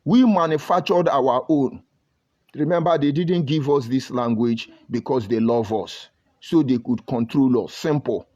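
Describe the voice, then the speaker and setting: A man's voice: mid-range voice, unhurried, a little mellow. A man with a Nigerian accent delivering a heated, scolding monologue full of rhetorical questions. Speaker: commentator. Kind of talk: impassioned monologue. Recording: dull lo-fi audio.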